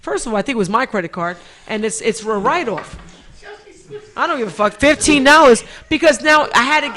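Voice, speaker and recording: A woman's voice: on the high side, expressive, a little fast, fairly bright tone. A woman from the Bronx, hosting a live show and telling stories in a brash, profane, comic way. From Bronx, New York. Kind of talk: live show banter and storytelling.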